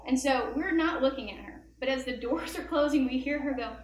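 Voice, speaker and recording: A woman's voice: sits high, a little fast, very noisy. A woman speaking at a Christian event, giving an earnest devotional talk and telling personal stories with casual asides. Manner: earnest, animated storytelling with asides. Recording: echoey room with faint ambience.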